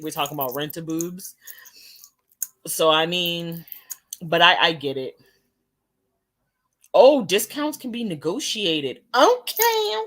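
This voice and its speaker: Slow, laid-back woman streamer, low voice. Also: fairly bright tone. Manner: laid-back, slangy, laughs often. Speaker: host of a live talk stream. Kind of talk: casual live-stream chat with viewers.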